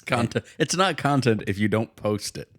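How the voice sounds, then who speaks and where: A man's voice: fairly low pitch, expressive, moderate pace, a little hiss or hum. A man co-hosting a podcast, chiming in with teasing, sarcastic jokes in casual chat. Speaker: podcast co-host.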